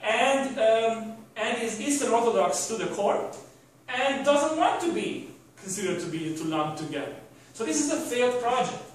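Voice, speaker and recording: High-voiced male lecturer in an echoey hall. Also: lively intonation, moderate pace, hardly any pauses, a little hiss or hum. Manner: rambling, many restarts and rhetorical questions. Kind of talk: university lecture. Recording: echoey room from a distant mic.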